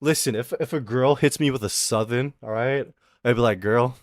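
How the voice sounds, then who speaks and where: A man's voice: medium pitch, a little fast, dry recording, clean studio sound. A man chatting casually on a live stream, rambling playfully and talking to his chat.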